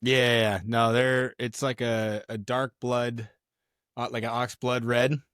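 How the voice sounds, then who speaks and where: A man's voice: mid-range voice, little pitch movement, slow pace, a bit bright, smooth, dry recording, clean studio sound. A man co-hosting a podcast in casual chat, laid-back and explaining things step by step. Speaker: podcast co-host.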